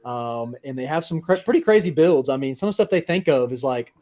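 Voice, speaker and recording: A man's voice: a little high, animated, a little fast, darkish tone. A man speaking as a guest racer in a casual interview, easygoing and full of "you know.". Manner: easygoing, repeats himself, says "you know" a lot.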